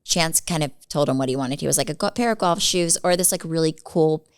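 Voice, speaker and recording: A woman in her forties co-hosting a podcast, telling animated stories in casual chat and acting out other people's lines. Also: sits low, a little fast, smooth, no echo. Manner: animated storyteller acting out quotes. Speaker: podcast co-host.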